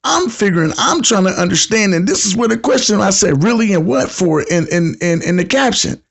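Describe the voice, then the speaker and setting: Brisk and lively in intonation, this man's high voice carries vocal fry as he hosts a casual call-in podcast. He's an American in his fifties who tells stories in heavy slang, acting out the people he quotes.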